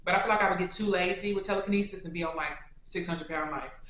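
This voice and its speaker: A woman with a Kentucky accent, answering viewer questions in a casual, animated, slangy chat. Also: fairly low pitch, fast talker. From Louisville, Kentucky. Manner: chatty and animated, with slangy asides. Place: indoors, sit-down video setup. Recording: very echoey room.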